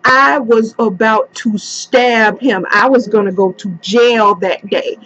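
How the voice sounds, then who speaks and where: A young woman with a fairly high voice tells a story slowly and deliberately. She swears freely and keeps it animated. The audio is muffled and lo-fi. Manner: profane, animated. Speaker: vlogger. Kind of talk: casual storytelling.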